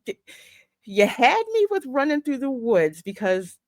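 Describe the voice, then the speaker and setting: A woman co-hosting a casual film review chat. She talks in an animated, hurried way, with many restarts. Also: sits high, no echo.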